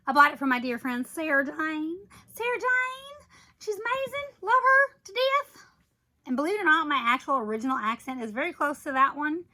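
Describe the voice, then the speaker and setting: A woman with a high, bright voice talks through her bag collection in a casual review vlog. She gushes, teases and breaks off into little exclamations, chatty and unhurried. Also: poor audio. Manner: chatty and gushing, with playful asides and sudden surprised exclamations.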